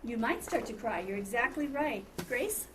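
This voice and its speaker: Her voice is a little high and animated, moving at normal speed as she teaches first graders. The noisy elementary classroom is recorded from a distance while she patiently asks questions and repeats students' replies.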